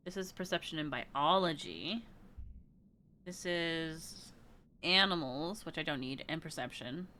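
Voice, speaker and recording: A woman streaming a story game, reading its text aloud and reacting with gasps and quick asides. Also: lowish voice, pushed and bright, slight background noise.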